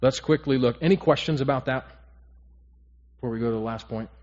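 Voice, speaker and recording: A man's voice: mid-range voice, brisk, darkish tone, muffled recording. Earnest man teaching a Bible study. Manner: earnest, repeats key phrases, checks in with the group. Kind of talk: sermon-style Bible teaching to a small group.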